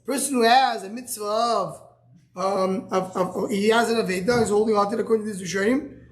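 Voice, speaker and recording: A man's voice: high voice, fairly quick. Style man teaching a Talmud class. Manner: thinks aloud with many restarts, fields student questions.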